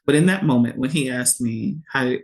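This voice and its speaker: A woman's voice: very deep voice, normal speed. A woman, a podcast guest telling a personal story candidly and expressively, acting out what others said. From Shreveport, Louisiana. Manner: candid and expressive, quotes others in lively voices.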